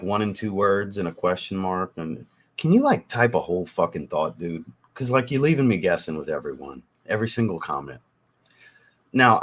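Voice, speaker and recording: A man's voice: sits low, breathy edge. A man hosting a fragrance livestream, chatting casually with viewers and reading their comments, loose and profane, getting over a cold. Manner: loose and profane, swears often.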